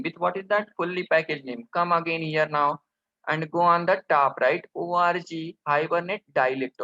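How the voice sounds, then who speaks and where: Lo-fi, dull audio captures a man teaching programming over his screen recording. His voice is high, bright and sharp, and he keeps throwing out rhetorical questions, often "what?", while calling his viewers "guys."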